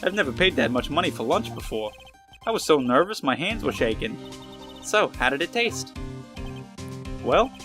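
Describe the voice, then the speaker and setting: A man's voice: fairly high pitch, very animated, moderate pace, pauses often, music in the background. A man voicing a bumbling, earnest male police detective, stammering and calling people "pal". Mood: sheepish. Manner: stammering, ends lines with "pal". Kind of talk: reading game dialogue aloud.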